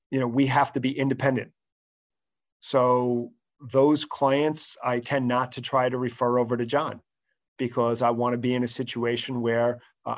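A male accountant is a guest in an interview. His voice is flat and even, with little rise and fall. He explains things steadily and fills his pauses with "um". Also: mid-range voice.

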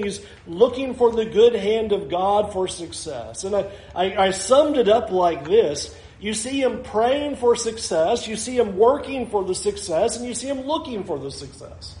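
Male pastor, high voice, expressive sermon delivery that acts out the scripture, roomy sound.

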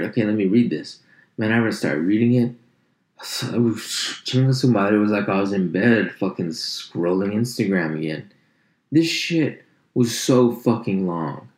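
A man ranting in a comic, profane way, swearing constantly and jumping into mocking voices. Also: reverberant. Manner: animated, swears constantly, jumps into high mock voices. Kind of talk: profane comedic rant.

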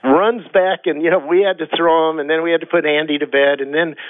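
A man shares a long personal story on a radio talk show, earnest and rambling, often restarting his sentences. His voice sits a little high. It comes through thin and narrow like a phone line, with a dry sound. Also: steady tone, fast, dry recording. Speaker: guest.

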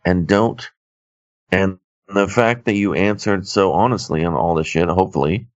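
Very deep-voiced, profane laid-back man. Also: moderate pace, no room sound, lo-fi sound. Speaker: podcast co-host. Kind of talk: crude casual chat.

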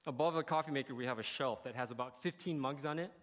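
A man's voice: medium pitch, fast talker. A man preaching a sermon, telling a personal story in a candid, conversational way that turns emotional. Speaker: pastor. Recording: long hall reverb.

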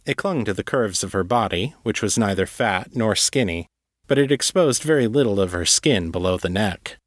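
A man narrating a fantasy story as an audiobook reading, in a measured, even storytelling manner. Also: fairly low pitch, no room sound, studio quality.

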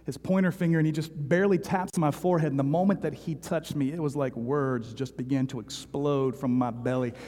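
Animated preacher in an echoing hall. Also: male voice, mid-range voice, brisk, few pauses. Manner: animated, repetitive, conversational. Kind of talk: sermon with storytelling.

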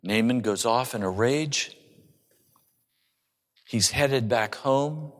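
Male pastor preaching slow, funny storyteller, echoey church hall sound. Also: medium pitch. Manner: storytelling with humor. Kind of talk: sermon.

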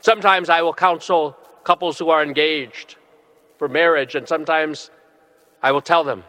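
A middle-aged man, a bishop, preaching a sermon with earnest, slow and emphatic phrasing. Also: fairly high pitch, steady tone, pushed and bright. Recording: long reverb of a large hall.

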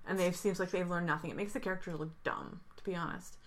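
A woman's voice: lowish voice, fairly even intonation, fast. A woman co-hosting a casual chat podcast, giving opinions and explaining her points patiently. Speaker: podcast co-host.

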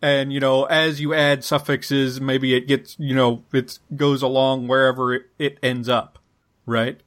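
A man's voice: mid-range voice, flat delivery, measured pace, a bit bright. A man co-hosting a podcast, talking through a linguistics topic in a casual, hesitant way, with many fillers and restarts. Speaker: podcast co-host.

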